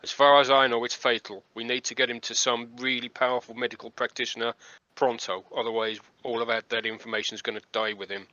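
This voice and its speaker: A man playing his character in a tabletop game, speaking in a gruff, grim way. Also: medium pitch, little pitch movement, fast, sharp tone, dry recording. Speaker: player. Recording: dull lo-fi sound.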